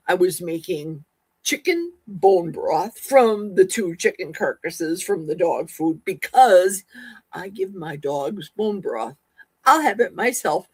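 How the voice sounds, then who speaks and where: Fast-talking chatty woman, husky and lively. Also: fairly low pitch, no room sound. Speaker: livestream host. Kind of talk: casual livestream chat.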